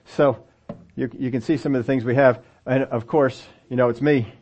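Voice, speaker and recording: A man's voice: medium pitch, fairly even intonation, normal speed, darkish tone, husky, highs cut off. A man preaching a sermon in a conversational way, acting out the voices of the story's people for a congregation with children present. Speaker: pastor. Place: church sanctuary with children present.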